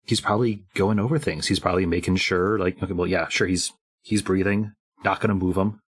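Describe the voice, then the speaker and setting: A man's voice: deep voice, fairly even intonation, fairly quick, husky. A man playing a tabletop game, thinking aloud casually about his character's actions. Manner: thinking aloud, hesitant fillers. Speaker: player.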